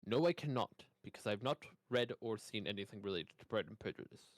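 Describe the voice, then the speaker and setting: A man's voice: fairly low pitch, expressive, fairly quick, no echo, clean studio sound. A man streaming a game with friends, making playful jokes in casual gameplay chat. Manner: joking, playful banter.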